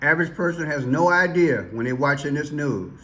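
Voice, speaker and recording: Excitable man narrating a commentary vlog. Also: on the high side, brisk. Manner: excitable, repeats himself, points things out. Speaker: vlog host. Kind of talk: casual commentary video.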